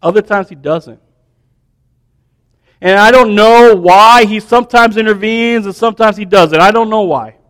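A man preaching a sermon, building questions in a row and dropping to a soft hush. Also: high voice, normal speed, clean tone. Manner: animated storytelling preacher, dropping to soft hushed tones.

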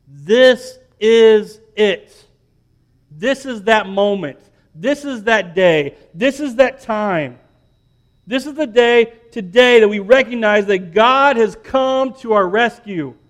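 A man's voice: extremely high pitch, animated, moderate pace. A man in his thirties, a pastor, preaching an emphatic sermon and repeating words as he builds up.

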